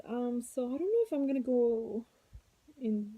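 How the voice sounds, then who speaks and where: A woman's voice: fairly high pitch, animated, moderate pace, mellow, no room sound, low-quality recording. A tired, heavily pregnant woman at home, chatting casually to her viewers in a rambling, weary, venting way. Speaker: vlogger. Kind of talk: casual chat to camera.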